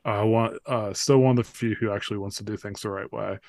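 A man's voice: on the low side, steady tone, fairly quick, vocal fry, a little mellow, no echo, clean studio sound. A man, a former football player, telling stories as a podcast guest in a loose, rambling way full of fillers and restarts. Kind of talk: casual storytelling chat.

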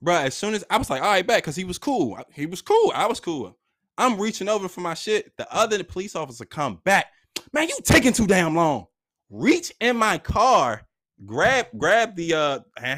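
A man's voice: sits high, fairly bright tone. A man telling a story from his own life in casual, slangy talk, acting out the voices of the people in it.

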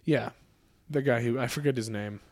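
A man co-hosting a podcast in casual chat, talking freely with fillers and getting animated when he makes a point. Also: medium pitch, moderate pace, dry recording. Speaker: podcast co-host.

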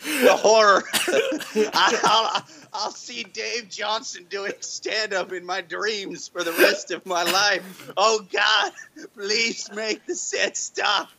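A man's voice: sits high, animated, takes it slowly, vocal fry, pushed and bright, full character voice. A man voicing a haunted old war veteran, telling a grim tale in mock-dramatic fashion. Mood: pleading.

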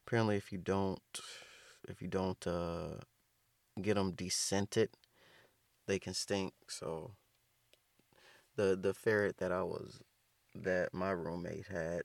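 A man's voice: deep voice, a little slow, gravelly, dry recording. A man delivering a rambling, profane comedic rant, riffing loosely and restarting his sentences. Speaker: comedic host.

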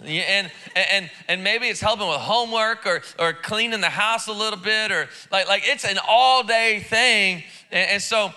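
A man's voice: sits high, normal speed, few pauses, sharp tone, smooth. A man preaching a sermon in church, casual and joking, with lots of repeated words and restarts. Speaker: pastor. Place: church service.

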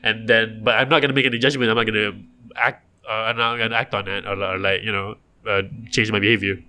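Man, podcast co-host, lively rambling chat, bright forward tone. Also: on the low side, fast talker. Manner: animated, rambling with restarts. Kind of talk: casual chat.

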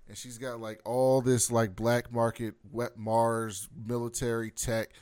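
A man chats casually about a show he's been watching and keeps breaking into laughter. He acts out characters' lines as he retells scenes. His voice sits in an ordinary middle pitch. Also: little pitch movement, measured pace, darkish tone, smooth. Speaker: podcast co-host. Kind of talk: casual TV recap chat.

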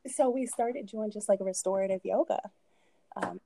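Mellow-voiced woman telling her story. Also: mid-range voice, moderate pace, gravelly, a little hiss or hum. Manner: conversational, frequent fillers and laughing asides. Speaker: podcast guest. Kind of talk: candid personal storytelling.

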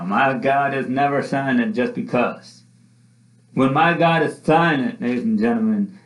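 A man preaching a sermon with passion, repeating his phrases as his voice rises and falls. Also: medium pitch. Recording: echoey room, dull lo-fi sound.

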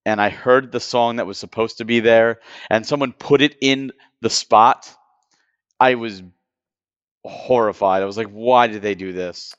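A man's voice: medium pitch, fairly even intonation, measured pace, fairly bright tone, clear, resonant tone, no echo, dull audio. A man co-hosting a podcast, chatting casually and with feeling about a film, often repeating himself. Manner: enthusiastic, emotional, repeats words. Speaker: podcast co-host.

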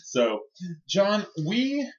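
A man's voice: sits high, huge pitch swings, extremely slow. A man co-hosting a podcast, joking with playful sarcasm in casual banter. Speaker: podcast co-host. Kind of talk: casual chat. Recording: muffled lo-fi sound.

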